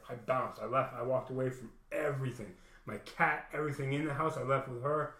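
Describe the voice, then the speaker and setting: A man's voice: medium pitch, steady tone, fast, fairly bright tone. A man telling a personal story in a rambling, profane casual monologue, full of "man". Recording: echoey room.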